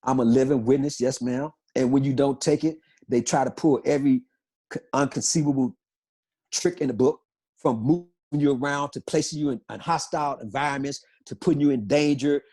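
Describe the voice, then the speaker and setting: A middle-aged man speaks as an interview guest, pressing his points with insistent repetition. His voice is husky and slightly breathy, sitting in an ordinary mid range. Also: mid-range voice, steady tone, fairly quick, warm tone. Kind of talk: impassioned interview storytelling.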